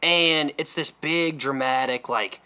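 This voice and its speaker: A man's voice: takes it slowly, clear, resonant tone. A man telling a comedic story and acting out the voices of other people. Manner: animated, acts out other people's voices with big pitch jumps. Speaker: comedy podcast host.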